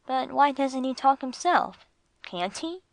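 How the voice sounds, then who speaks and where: High polite little dog, woman voicing him, curious, careful questions, storybook. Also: expressive, measured pace, creaky, dry recording, exaggerated voice, poor audio. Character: polite curious young male dog, well-mannered.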